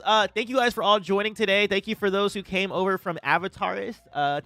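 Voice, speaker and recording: A man chatting casually as a livestream host, relaxed and rambling, with lots of filler words. His voice is smooth and sits a little high, recorded dry and close. Faint music plays underneath. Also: no room sound.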